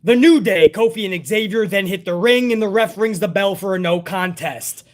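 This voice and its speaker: A man with a notably high-pitched voice rants through a wrestling show review. He swears freely and sounds exasperated and sarcastic as he picks the booking apart. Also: moderate pace. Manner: profane, exasperated, sarcastic ranting. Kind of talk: casual ranting review.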